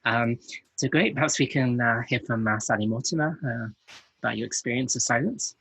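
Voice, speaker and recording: A man's voice: medium pitch, moderate pace, a bit bright, breathy edge, rough recording. A man hosting an interview, asking polite questions with frequent hesitations.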